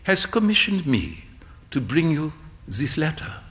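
A man reading a story aloud and voicing a courteous older gentleman with a slight French accent. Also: on the high side, sing-song. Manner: formal, courteous, measured. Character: polite elderly Frenchman with gold spectacles.

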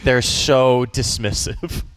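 A man from Boston talks with a comedian's timing, spinning animated stories and dropping into quick voices for the people in them. His voice is mid-pitched and recorded dry and close. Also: smooth, no room sound. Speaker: comedian guest. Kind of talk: casual radio interview.

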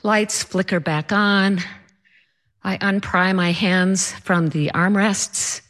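A woman telling a personal story with animated, comic timing. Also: mid-range voice, slow.

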